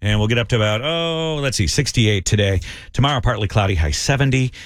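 A man's voice: medium pitch, brisk, dry recording. A man hosting a morning radio show, reading the weather and chatting in an easygoing way. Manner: easygoing, relaxed with fillers. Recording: studio radio broadcast with music bed.

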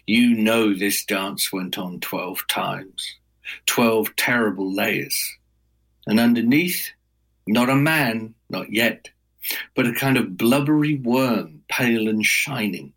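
Slow, husky male storyteller. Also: lowish voice, fairly bright tone, poor audio. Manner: measured, dramatic storytelling. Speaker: storyteller guest. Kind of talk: oral folk-tale telling.

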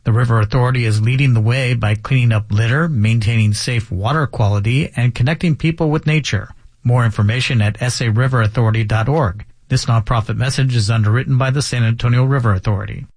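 A male announcer reads a sponsor message in a smooth, even way. His voice sits mid-pitch. The sound is dry and close. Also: fast, no echo.

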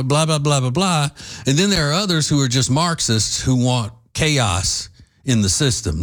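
A man hosting an opinion commentary monologue, forceful in his views yet halting, with many fillers and some dry sarcasm. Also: medium pitch. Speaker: host.

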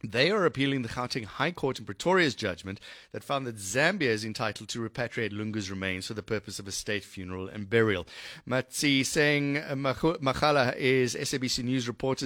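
A man hosts live radio in a loose, chatty way, tripping over and repeating his words as he thinks aloud. His voice sits at a middling pitch, and the studio sound is close and dry. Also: fairly bright tone, no room sound. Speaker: radio presenter. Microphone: studio mic.

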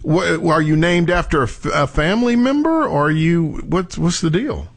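A man's voice: on the high side, creaky. A man hosting a radio show, bantering and joking and laughing easily with callers. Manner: joking, animated, quick to laugh.

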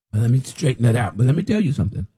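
A man's voice: mid-range voice, mellow, husky. A man who calls himself a prophet, preaching in a blunt, scolding and rambling way, often repeating himself. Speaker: self-described prophet. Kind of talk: preaching to camera.

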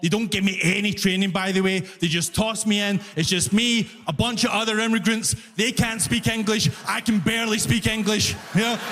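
A man doing a stand-up comedy set, telling stories animatedly, laughing often and shouting his punchlines. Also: high voice. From outside Canada, immigrant. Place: comedy venue with a live audience. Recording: long hall reverb, faint background noise.

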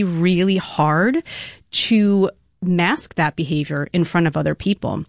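A woman expert explains her point in an animated way and leans on analogies. Her voice sits fairly low. The sound is dry and close. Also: dry recording. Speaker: domestic violence expert guest. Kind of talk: explanatory talk-show commentary.

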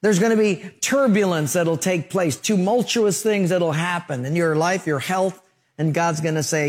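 A man's voice: high voice, normal speed. A man preaching a sermon, telling stories and acting out short voices and sound effects. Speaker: pastor.

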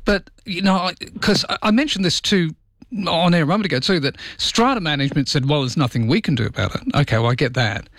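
A man's voice: on the high side, lively intonation, fast, a bit bright, no room sound. A man hosting late-night talkback radio, reading listener messages and chatting with callers in an easygoing way.

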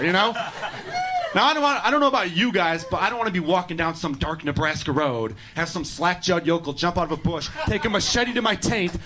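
A man's voice: high-pitched, noisy background. Brash profane man doing stand-up. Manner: brash, profane, acting out both sides of a story. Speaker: stand-up comedian. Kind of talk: stand-up comedy set.

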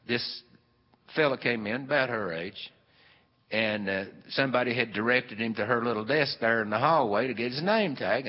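Older man, rambling storyteller, long hall reverb, dull lo-fi. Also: fairly low pitch. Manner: rambling, folksy, with many fillers. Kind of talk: folksy spoken storytelling.

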